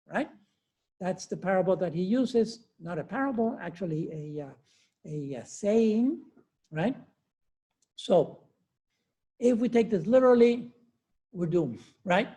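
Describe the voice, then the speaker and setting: A man of about sixty teaches a class in a chilly room, his voice dark and mellow. He talks loosely, with many fillers and restarts. He often chuckles at his own points. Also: high voice, animated, measured pace, long pauses. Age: 60s. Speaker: lecturer. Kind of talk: university lecture. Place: cold classroom. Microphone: lecture recording with remote attendees.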